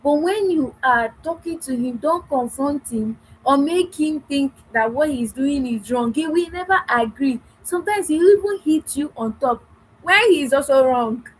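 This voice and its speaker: A woman's voice: sits high, animated, normal speed, a little hiss or hum, low-quality recording. A woman giving an earnest talk to wives about communicating in marriage, acting out small dialogues and repeating phrases. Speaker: marriage coach.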